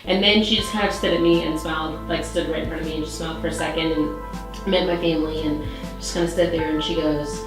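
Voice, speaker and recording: A young woman in her twenties hosting her own show, telling a story in a bubbly, chatty way full of likes. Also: deep voice. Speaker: show host. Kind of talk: casual storytelling. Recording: very echoey room.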